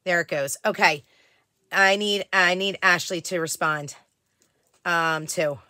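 Chatty female live-stream host, craft seller, bright and a touch high, dry close sound. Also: slow pace, dry recording. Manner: chatty, greets viewers by name, many fillers. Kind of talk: casual live-stream chat.

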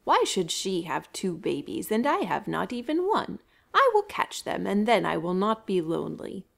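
A woman voicing a lonely, possessive lioness in a children's storybook, speaking low and hushed. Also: big pitch swings, normal speed, vocal fry. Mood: longing. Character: lonely lioness who steals chicks, calm and possessive.

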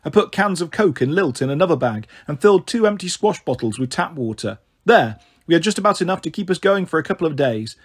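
A male storyteller reads a children's novel aloud. His voice is husky and a little high for a man. He reads in a lively, sing-song way. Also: fast, hardly any pauses.

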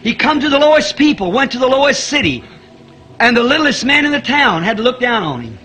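A man preaching a fervent sermon, chuckling often and rising to shouts at high points. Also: sing-song, brisk.

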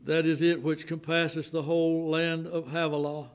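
A man with a Southern American accent preaching a sermon in a church, swinging from loud outbursts to hushed, slowed lines. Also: a little high, level tone. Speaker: pastor. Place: church sanctuary.

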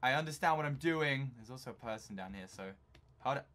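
A young man from England giving jokey, excitable commentary while playing a video game, talking to himself and breaking into sudden shouts. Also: mid-range voice, fast. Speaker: gaming YouTuber.

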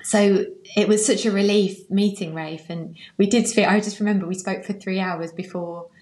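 An actress chatting in an interview, giggly and bantering. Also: female voice, mid-range voice, steady tone, moderate pace, a little mellow. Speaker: actor guest. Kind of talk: casual interview chat. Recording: roomy echo.

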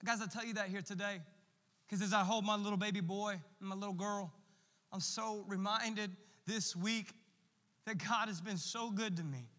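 A pastor in his thirties preaches a sermon in a large church hall, impassioned yet conversational, tossing casual asides to the congregation. His voice sits high, pushed and bright, with a steady tone and moderate pace. Long church-hall reverb fills the recording.

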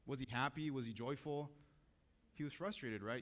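Casting: a male preacher with a mid-pitched voice, casual and conversational in a church service. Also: fairly quick, a bit bright. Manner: casual, conversational, asks the audience questions. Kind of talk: sermon.

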